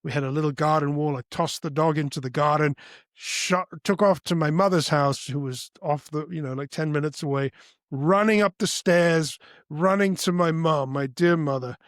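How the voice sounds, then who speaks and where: A man's voice: normal speed, dry recording, studio quality. Emphatic man telling his life story. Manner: emphatic, breaks into high loud voices when quoting. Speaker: guest. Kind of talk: storytelling in a podcast interview.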